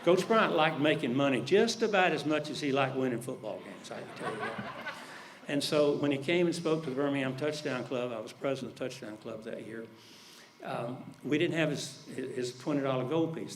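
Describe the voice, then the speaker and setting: An older man, telling folksy stories in a speech and dropping his voice low when he quotes others. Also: background noise. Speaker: speaker at an alumni event. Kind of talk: storytelling speech.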